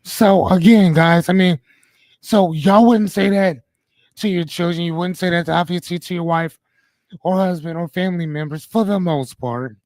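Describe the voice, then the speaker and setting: Casting: man, live-stream host, animated, repeats himself, dry close sound. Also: sits high, normal speed, dry recording. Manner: animated, repeats his questions. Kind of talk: casual live-stream chat.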